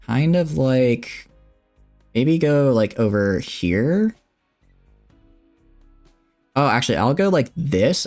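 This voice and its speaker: A young man streaming a game, chatting with viewers in a relaxed, jokey way while he plans his builds. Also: lowish voice. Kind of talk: casual gameplay commentary chatting with viewers.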